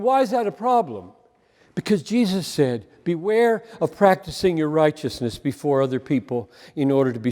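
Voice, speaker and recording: A male preacher with a slightly high voice gives an impassioned, emphatic sermon, moving between loud emphasis and quiet asides. The recording has a big-room sound.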